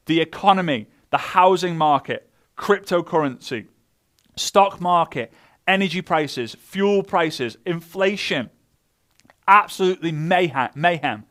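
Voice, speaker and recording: A man with a fairly high voice gives a motivational talk to network marketers. He speaks with lots of energy and switches into little voices for the people he quotes. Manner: animated, acts out quoted voices.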